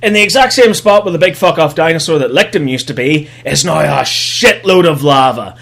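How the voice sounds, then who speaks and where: On his podcast, a young man with a high-ish, brisk, creaky, slightly bright voice mocks a film in a sarcastic, profane comic recap. He drops into mock character voices throughout.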